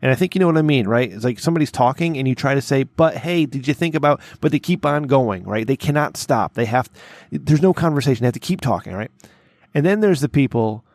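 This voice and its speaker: A man's voice: mid-range voice, expressive, fast talker, darkish tone, no room sound. Man, podcast co-host, rambling storyteller, restarts a lot, dead-dry mic. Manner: rambling, repeats words, checks in with "okay?" and "right?". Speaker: workplace boss. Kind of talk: casual storytelling chat.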